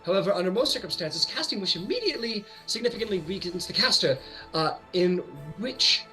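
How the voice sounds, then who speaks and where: A man's voice: sits high, expressive, brisk, sharp tone, soft background music, voice pushed up, low-quality recording. A man voicing a composed female elf grand mage who speaks formally and courteously. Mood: questioning.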